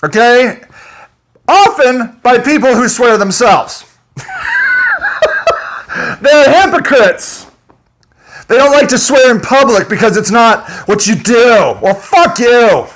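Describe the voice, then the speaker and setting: A man's voice: extremely high pitch, expressive, slow pace, long pauses, fairly bright tone. A man delivering an angry, profane, unscripted rant to his audience, breaking into laughter between points. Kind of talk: unscripted ranting monologue.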